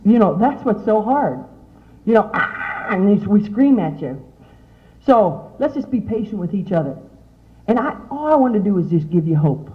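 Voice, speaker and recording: Middle-aged woman, youth speaker, chatty and animated; tinny lo-fi recording. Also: medium pitch. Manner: chatty, animated, asks the audience many questions. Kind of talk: motivational talk to teen girls. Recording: tinny, phone-like lo-fi sound.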